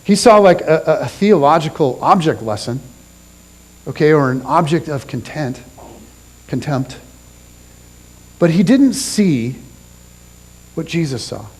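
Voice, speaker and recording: A man preaching a sermon as a pastor, telling a story with animated delivery and dropping low and soft for quoted lines. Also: a little slow, pauses often, breathy edge, rough recording. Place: church.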